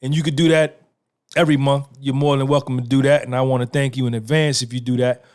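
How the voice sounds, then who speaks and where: A New Jersey man in his 50s hosts his own podcast in a casual monologue, talking fast at a medium pitch with a level, darkish tone. He's emphatic and repetitive, firing off rhetorical questions.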